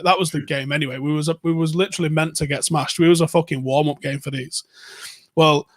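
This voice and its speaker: A man, co-hosting a podcast and telling sporting stories in a casual, swearing, animated way. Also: fairly high pitch, dry recording. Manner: swearing, animated anecdotes with quoted voices. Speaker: podcast co-host. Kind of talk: casual storytelling chat.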